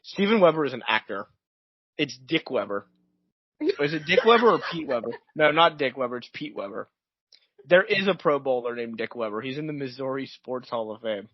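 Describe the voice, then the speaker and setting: A young man with a mid-range, animated voice co-hosts a podcast at a moderate pace, chatting casually and rambling through tangents and fillers. The audio is dull, dry and lo-fi, with no room sound.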